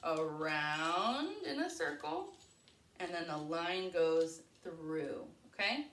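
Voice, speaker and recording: A woman preschool teacher leading a circle time lesson for young children, speaking in a slow, clear, encouraging sing-song way. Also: lowish voice, lively intonation, fairly bright tone, recorded from a distance, slight background noise. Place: home. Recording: echoey room.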